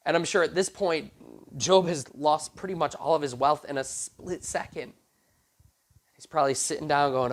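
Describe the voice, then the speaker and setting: A youth pastor with a high-sitting voice and fairly quick delivery preaches to a youth group. He retells a Bible story casually, animatedly acting out the characters' lines in casual slang.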